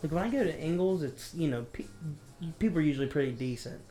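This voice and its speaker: A man co-hosting a podcast, talking bluntly in relaxed chat and swearing casually. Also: a little high, fast, faint music behind. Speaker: podcast co-host.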